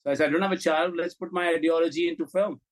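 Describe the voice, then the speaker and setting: High-voiced director telling stories bluntly. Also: male voice, very fast, poor audio. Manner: animated,喜 quoting dialogue, blunt with swearing. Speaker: film and commercial director. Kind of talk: interview storytelling.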